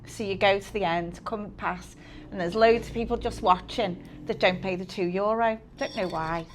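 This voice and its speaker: A woman's voice: medium pitch, normal speed, a little hiss or hum. A middle-aged woman co-hosting a casual chat podcast, telling stories and acting out what people said. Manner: chatty storyteller, acts out quotes. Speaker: co-host, mother.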